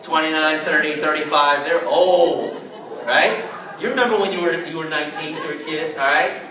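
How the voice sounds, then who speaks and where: A man from California in his forties, telling a story to a live audience at a training event in a chatty, animated way and asking "right?" again and again. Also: a little high, moderate pace, slight background noise. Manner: chatty, animated, asks "right?" often, laughs as he talks. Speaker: network marketing trainer. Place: large hall with an audience. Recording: very echoey hall, mic far off.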